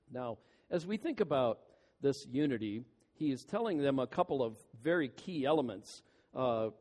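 A man preaching a sermon as pastor, earnest and pleading, stretching out key words slowly for emphasis. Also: mid-range voice, a little mellow. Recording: long hall reverb.

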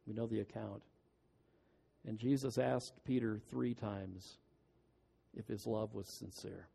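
A man's voice: fairly low pitch, steady tone, measured pace, vocal fry, warm tone, breathy edge, in a large hall. A man preaching a sermon, earnest and emphatic, with folksy asides. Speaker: pastor.

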